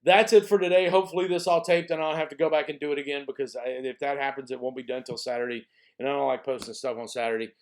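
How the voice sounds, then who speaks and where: A man teaching a college speech course in a recorded lecture, explaining steps one by one, repeating himself and checking in with "okay?", slowing down to stress key phrases. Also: a little high, darkish tone.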